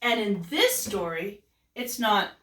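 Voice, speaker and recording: A woman teaching a kindergarten class, with an animated, exaggerated sing-song delivery. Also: medium pitch, slow. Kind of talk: lesson for young children. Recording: roomy echo, voice from a distance.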